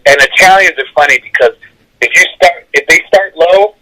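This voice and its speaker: Energetic comedian with a bright, forceful voice. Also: male voice, on the high side, normal speed, poor audio. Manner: energetic, laughs through his stories. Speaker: comedian guest. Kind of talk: animated storytelling.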